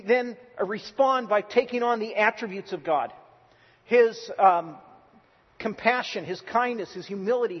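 A man's voice: high-pitched, breathy edge. A male pastor preaching a sermon in a church, earnest and emphatic, often restarting his words. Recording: dull lo-fi recording with long hall reverb.

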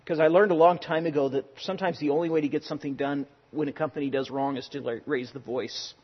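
A man preaching a sermon in a conversational way, telling personal stories, sometimes loud and sometimes hushed. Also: on the high side, fairly even intonation, fast, breathy edge, in a large hall, dull audio. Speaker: pastor.

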